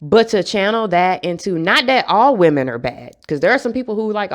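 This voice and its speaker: A woman's voice: fairly low pitch, animated, moderate pace, hardly any pauses. A young woman, speaking bluntly and with frustration in a candid vlog rant, swearing freely. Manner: blunt, frustrated, profane, laughs between points. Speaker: vlogger.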